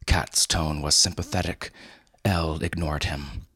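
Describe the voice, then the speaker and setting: A man narrates a story in a measured, wry voice, close on the mic. His voice is husky and bright, in a dry, dead room. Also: extremely low pitch, fairly even intonation, no room sound. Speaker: narrator and host.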